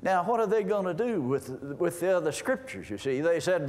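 A folksy male preacher reads scripture aloud and explains it in plain, homespun terms. His voice sits a little high for a man. A long hall reverb trails after his words. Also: big pitch swings, moderate pace, a little mellow. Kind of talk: sermon.

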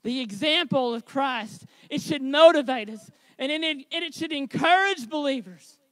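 A man preaching a sermon as pastor, with a high tenor voice, earnest and building to shouted exhortation. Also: expressive, moderate pace, no echo.

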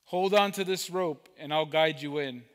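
A man voicing a steady, rusty old tugboat, speaking calmly and reassuringly. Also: on the high side, moderate pace, clean tone, in a large hall, close to an everyday voice.

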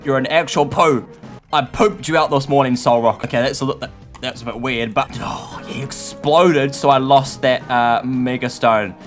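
A man commenting on his own gameplay in a frantic, excitable way, often shouting and squealing. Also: medium pitch. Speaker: gaming YouTuber. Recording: light background music.

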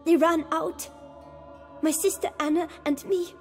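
A woman's voice: extremely high pitch, level tone, darkish tone, in a large hall, soft background music. A woman voicing a terrified young boy who stammers and halts through his words. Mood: frightened. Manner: stuttering, halting, shaky.

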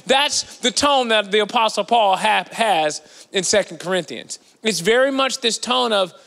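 A man preaching in a large church, his voice riding high and sounding bright and forceful. He talks in an animated, conversational way and swings between loud bursts and hushed asides. Long reverb from the big hall trails after his words. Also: normal speed, vocal fry. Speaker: guest preacher. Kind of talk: sermon.

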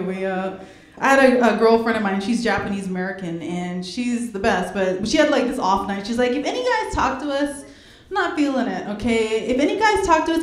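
High-voiced woman doing stand-up in a roomy club. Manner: animated, slips into playful character voices. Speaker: stand-up comedian. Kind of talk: stand-up comedy set. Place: comedy club stage with audience. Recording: roomy club with crowd laughter. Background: audience laughter.

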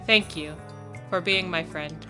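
Storybook game princess read aloud by a woman: gentle, fading, soft plain delivery. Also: lowish voice, takes it slowly, over music. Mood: tender.

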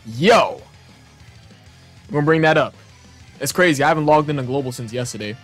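A young man hosting a gaming channel, reacting to memes in casual, excitable commentary that is full of swearing and frequent laughter. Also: on the high side, a little fast, soft background music. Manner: excitable, profane, laughs often.

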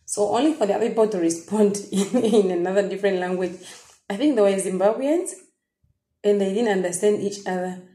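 A woman's voice: medium pitch, dark tone. Emotional Namibian woman telling a story. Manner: emotional, halting, many restarts and fillers. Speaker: vlogger. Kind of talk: personal storytelling to viewers. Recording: echoey room.

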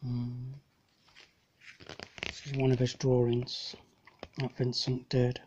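A man's voice: medium pitch, completely flat delivery, slow pace, a little mellow, a little hiss or hum. A man talking about paintings in a casual, rambling way, often stopping to hesitate and correct himself. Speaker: amateur painter presenting his copies. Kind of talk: casual narrated slideshow. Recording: dull lo-fi home recording.

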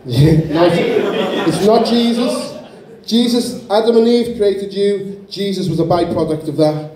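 A man's voice: sits high, warm tone. A man emceeing a comedy club, bantering crudely with the audience and introducing the next act. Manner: crude, teasing, quick banter. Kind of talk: stand-up hosting, crowd banter. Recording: echoey comedy club with crowd. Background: audience laughter.

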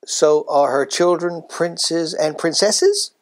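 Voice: medium pitch, slow pace, close to an everyday voice. A performer playing a chirpy, clueless American woman news anchor in a satirical sketch.

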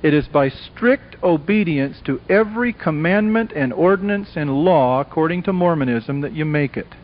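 A man giving an evangelistic lecture to a live audience, delivering it dramatically and emphatically and acting out the voices of characters in a story. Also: on the high side. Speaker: Christian speaker. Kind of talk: evangelistic lecture with acted dialogue. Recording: dull lo-fi old tape recording.

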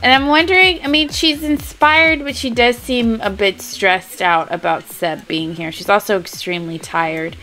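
A woman giving casual, chatty gameplay commentary, giggly and unhurried. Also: medium pitch, fairly even intonation, pushed and bright, faint music behind, poor audio. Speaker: let's-play host.

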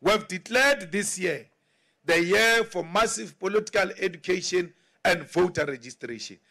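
Slow, emphatic South African man. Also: sits high. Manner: slow, emphatic oratory with sudden raised shouts; mocks others in acted quotes. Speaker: party leader addressing members. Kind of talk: political speech.

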